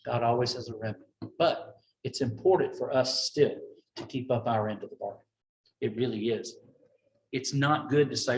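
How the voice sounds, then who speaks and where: A man's voice: mid-range voice, lively intonation, moderate pace. Folksy man teaching Bible study. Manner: folksy, conversational, retells scripture with dramatic quoted voices. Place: church room with a group. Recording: echoey room, mic at a distance.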